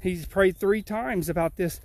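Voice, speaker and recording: Male pastor, high-pitched, earnest repeating cadence, a bit winded on an outdoor walk. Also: unhurried, a little mellow. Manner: earnest, repetitive preaching cadence. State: slightly out of breath from walking uphill. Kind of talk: outdoor livestream devotion. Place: outdoors on a rural hill.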